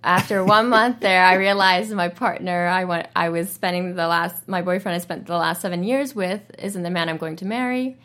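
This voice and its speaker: Animated woman in her thirties. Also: on the low side, normal speed, few pauses. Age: 30s. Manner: animated, lively storyteller. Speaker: interview guest. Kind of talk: radio interview conversation.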